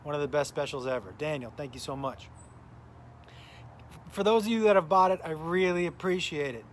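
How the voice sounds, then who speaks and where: A man's voice: fairly high pitch, brisk, a little hiss or hum. Tired comedian chatting with his viewers. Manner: rambling, greets viewers by name mid-story. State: tired, recovering from illness. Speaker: comedian hosting a live smoking stream. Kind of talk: casual live-stream chat and storytelling.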